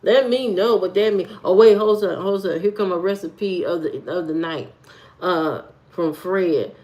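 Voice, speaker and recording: A woman's voice: on the low side, a little slow, a little mellow. A woman live streaming from home, chatting loosely with viewers and reading their comments in a rambling, talkative way. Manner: rambling, loose and talkative, with frequent fillers and repeats. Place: at home, indoors.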